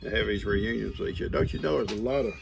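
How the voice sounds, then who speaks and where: A man's voice: fairly low pitch, fast, vocal fry, over loud music. An older man in casual chat, reading out viewer mail outdoors on a farm in a folksy, rambling way, breaking off to talk to his grandkids. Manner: folksy, rambling, talks to grandkids mid-sentence. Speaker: grandfather vlogger.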